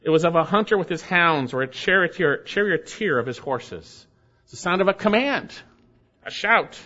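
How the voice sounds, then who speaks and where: A man's voice: a little high, lively intonation, moderate pace, sharp tone. A man preaching a verse-by-verse sermon as pastor, emphatic and repeating key phrases for stress. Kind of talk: expository sermon. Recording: dull lo-fi sermon recording.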